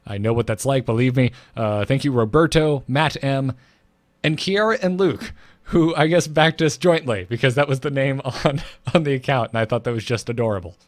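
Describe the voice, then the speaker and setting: A man co-hosting a casual gaming podcast, his pitch sitting right in the middle of the range. He laughs easily and reads listener mail in a loose, friendly way. The sound is close and dry. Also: normal speed, no room sound. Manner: chuckles often, reads listener mail aloud. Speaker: podcast co-host.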